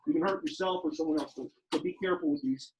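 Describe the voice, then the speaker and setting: A male teacher lecturing a classroom in an animated, joking manner. His delivery swings between quick asides and loud, emphatic pushes. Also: a little high, crowd noise. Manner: animated, joking, rising to near-shouting. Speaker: high school geometry teacher.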